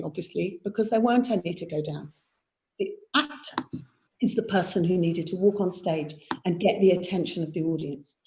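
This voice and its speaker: A woman's voice: medium pitch, darkish tone. A woman, a theatre director leading a live online workshop, explaining verse and tapping out its rhythm aloud. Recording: roomy echo.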